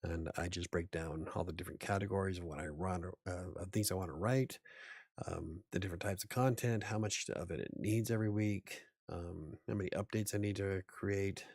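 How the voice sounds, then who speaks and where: A man's voice: sits low, fairly quick, a little mellow, dry recording, clean studio sound. A man hosting a casual livestream as an author, rambling a little, chuckling and answering chat comments aloud.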